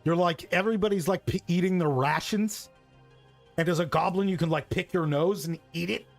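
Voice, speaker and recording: Excitable swearing gamer guy, high voice. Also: moderate pace, vocal fry, faint music behind. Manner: excitable, profane, laughing, says bro and right a lot. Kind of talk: casual gaming chat.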